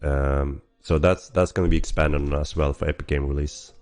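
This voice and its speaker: A man hosting a casual livestream Q&A while hoarse from a cold, with a rough, gravelly voice, coughing and clearing his throat often. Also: very deep voice, steady tone, moderate pace, darkish tone. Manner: chatty, frequent throat clearing and laughs. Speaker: game developer hosting a weekly stream.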